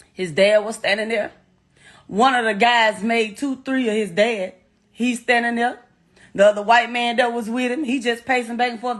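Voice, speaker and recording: A middle-aged woman with a Southern US accent, telling a raw, profane and distressed personal account as a grieving mother. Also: a little high. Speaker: mother of the deceased, interviewee.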